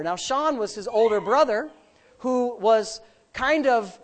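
A man's voice: extremely high pitch, a little slow. A middle-aged man, a pastor, telling a story in a sermon and acting out the voices. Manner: animated, acts out voices.

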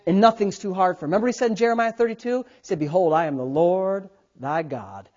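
A man preaching a sermon as pastor, swinging between loud bursts and quiet asides. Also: high voice, fast talker. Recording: dull lo-fi sound.

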